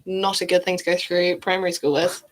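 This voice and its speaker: A woman's voice: lowish voice, level tone, a little fast. A woman from Britain hosting a podcast, chatting casually and often saying 'like' as she talks. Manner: chatty, lots of fillers like 'like'. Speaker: podcast host. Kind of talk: casual chat.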